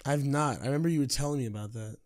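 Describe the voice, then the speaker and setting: A man's voice: mid-range voice, racing, darkish tone. A young man, joking and laughing often while co-hosting a podcast. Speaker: podcast co-host. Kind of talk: casual chat.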